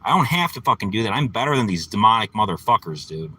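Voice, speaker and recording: A man's voice: lowish voice, big pitch swings, quick pace, bright, forceful tone, husky, low-quality recording. A man ranting angrily and profanely into his phone while sitting in his parked car. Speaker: vlogger.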